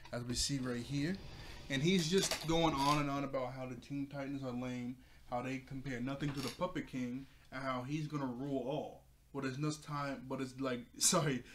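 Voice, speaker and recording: A young man hosting his own cartoon episode review, retelling the plot casually with frequent laughs and filler. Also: medium pitch. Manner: rambling, laughs often, loose filler-heavy retelling. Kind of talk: casual recap talk.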